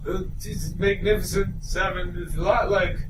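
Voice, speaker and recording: A man's voice: sits high, steady tone, normal speed. A man co-hosting a casual podcast, telling a rambling story and laughing often. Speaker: podcast co-host. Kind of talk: casual chat. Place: hotel room at a convention. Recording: echoey room, mic at a distance, noisy.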